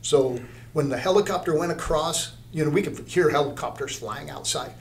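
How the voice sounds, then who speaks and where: A man's voice: on the high side, brisk, slight background noise. An older man, an art teacher, telling a story in an interview, rambling, with many restarts.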